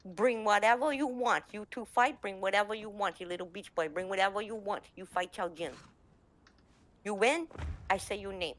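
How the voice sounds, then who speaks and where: A woman's voice: medium pitch, moderate pace, a bit bright, natural voice. A woman voicing a bossy, teasing woman character who speaks in clipped, broken English. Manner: clipped, choppy phrasing.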